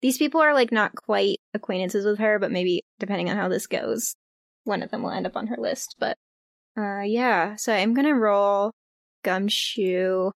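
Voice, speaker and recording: A woman playing a tabletop game chats casually in actual-play style, rambling with many fillers. Her medium-pitched voice moves at a moderate pace in a clean studio recording with no room sound.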